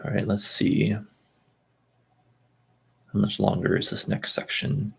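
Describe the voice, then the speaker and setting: A man's voice: fairly low pitch, little pitch movement, slow pace, vocal fry, husky. A man reading a text aloud at an easy pace, stopping for asides and second tries at hard names. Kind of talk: casual reading and commentary.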